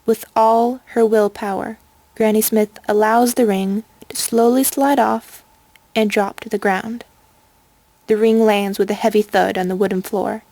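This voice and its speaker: A woman reading a storybook aloud in an even, measured way. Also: mid-range voice, no echo. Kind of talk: storybook narration.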